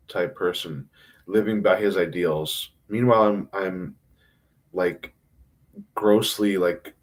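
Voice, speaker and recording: Rambling, self-critical man streaming alone. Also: fairly low pitch. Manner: rambling, halting restarts, frequent swearing. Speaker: livestreamer. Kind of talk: confessional solo monologue.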